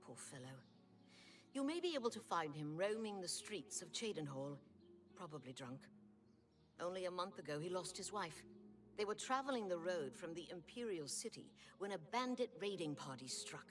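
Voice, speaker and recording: A scornful, indignant townswoman in a fantasy game. Her voice sits low but leaps around a lot as she complains. It comes through the game audio from slightly off-mic, with soft music behind. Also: sing-song, moderate pace, far from the mic. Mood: weary. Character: bitter townswoman angry at corrupt guards.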